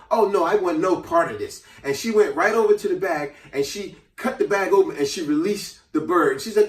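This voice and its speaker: A man with a fairly high voice tells a fable in casual talk, jumping into the characters' voices as he goes. The sound is roomy, and the mic sits some way off. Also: moderate pace. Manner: animated storyteller acting out characters' voices. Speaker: host. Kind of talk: casual storytelling and advice. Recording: echoey room, mic at a distance.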